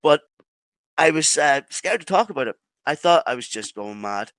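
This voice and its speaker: A man with an Irish accent, a podcast guest telling a personal story in halting phrases with many restarts. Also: a little high, sing-song, a bit bright, dry recording. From Ireland.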